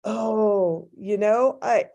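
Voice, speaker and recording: Slow, mellow-voiced woman academic. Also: mid-range voice, lo-fi sound. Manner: thoughtful, halting, many restarts. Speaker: faculty panelist. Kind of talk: academic panel discussion.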